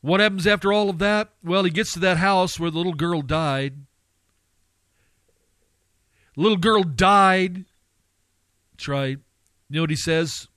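Male preacher, fairly high voice, dry close sound, fervent and questioning. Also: fairly bright tone, dry recording. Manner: impassioned, surging to fervent high-pitched pleading; rhetorical questions to listeners. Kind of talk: radio sermon.

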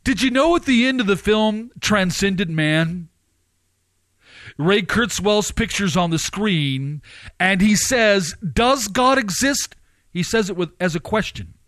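A man preaching and commenting, firing off rhetorical questions with his pitch swinging up and down. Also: animated, unhurried, fairly bright tone, dry recording.

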